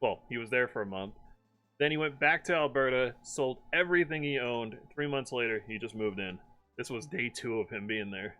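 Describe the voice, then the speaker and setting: A young man with a bright, forceful voice chats loosely on a stream and laughs between stories. He tells his stories with animated, playful impressions of the people in them. Faint music plays behind him. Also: mid-range voice, normal speed. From Maryland, USA. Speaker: streamer host. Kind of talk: casual chat.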